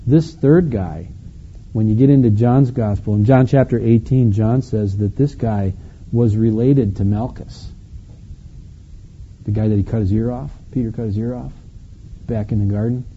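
A man's voice: fairly low pitch, normal speed, mellow, dull audio, a little hiss or hum. A man from Wisconsin with a Wisconsin accent preaching a sermon, earnestly retelling the story and voicing the quoted lines. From Wisconsin, United States. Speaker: pastor.

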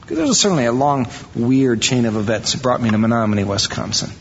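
A pastor from Iowa giving a conversational, animated sermon to his church, acting out quoted voices now and then. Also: mid-range voice, quick pace, few pauses, a little hiss or hum. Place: church sanctuary. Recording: dull reverberant church recording.

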